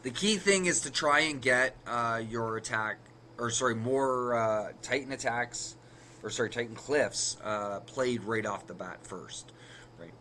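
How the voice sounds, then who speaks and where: Bright-voiced man explaining card plays. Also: mid-range voice, a little slow, a little hiss or hum. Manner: walks through card math step by step, self-correcting. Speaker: card game podcast co-host. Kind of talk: casual explanatory chat.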